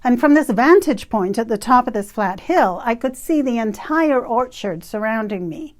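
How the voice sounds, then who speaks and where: Animated woman in her fifties telling a story. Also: on the high side, moderate pace. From Canada. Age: 50s. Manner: animated, emphatic, with laughs. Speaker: retreat facilitator. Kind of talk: personal storytelling monologue.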